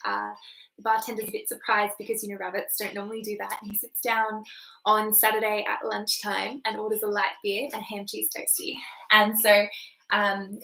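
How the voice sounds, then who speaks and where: A woman's voice: medium pitch, gravelly, pushed and bright. A young woman with an Australian accent guiding an online Pilates class, chatty and informal with lots of ums. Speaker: Pilates instructor. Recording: echoey room.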